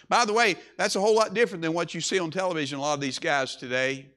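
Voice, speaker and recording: Pastor, male, high bright voice, lilt, emphatic sermon delivery that swells and drops. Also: quick pace. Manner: emphatic preaching, rising and falling with repeated phrases.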